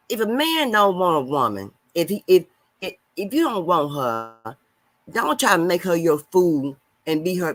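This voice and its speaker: On a casual live stream, a man reads viewer comments and preaches loudly, lurching between shouting and mumbling. His voice sits on the high side, and there's no echo.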